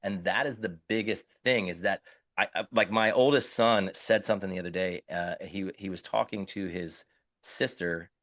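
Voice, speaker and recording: A man's voice: low-pitched, moderate pace, a bit bright, no room sound, studio quality. A middle-aged man co-hosting a podcast, talking earnestly and often restarting while he searches for words. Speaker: podcast co-host. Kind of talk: casual podcast conversation.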